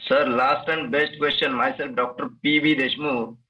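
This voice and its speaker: A man's voice: medium pitch, steady tone, normal speed, sharp tone, distant mic, rough recording. A man from India asking the lecturer a question and hesitating often. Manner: hesitant, many "uh"s. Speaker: audience member asking a question.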